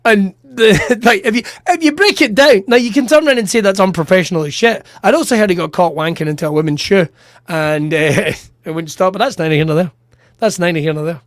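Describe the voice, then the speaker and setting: Comic host, higher-pitched, animated sweary raconteur, dry booth sound. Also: male voice, brisk, no echo. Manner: animated, swearing, laughs through his stories. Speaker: comedian podcast host. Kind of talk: casual storytelling chat.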